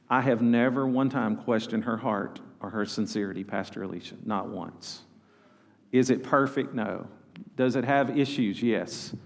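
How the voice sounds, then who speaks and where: A male pastor, preaching a sermon and calling on the congregation to answer back. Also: medium pitch. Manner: preaching, calls out to congregation for responses. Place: church sanctuary. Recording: long hall reverb.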